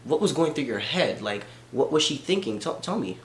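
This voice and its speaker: A man's voice: medium pitch, very animated, moderate pace. Hesitant male interviewer, echoey room. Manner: hesitant, full of "um" fillers. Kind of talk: casual interview questions. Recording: echoey room with faint background noise.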